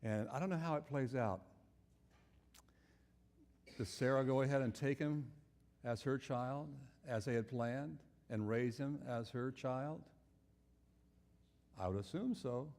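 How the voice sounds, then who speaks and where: A man's voice: mid-range voice, measured pace, long pauses, darkish tone, long reverb tail. Man preaching a storytelling sermon. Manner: storytelling, acts out biblical characters' voices; asks the audience questions.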